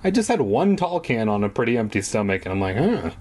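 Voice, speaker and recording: A man's voice: lowish voice, sing-song, fast talker, darkish tone. A man reading a children's book aloud for laughs, breaking off for irreverent, swearing asides. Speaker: reader.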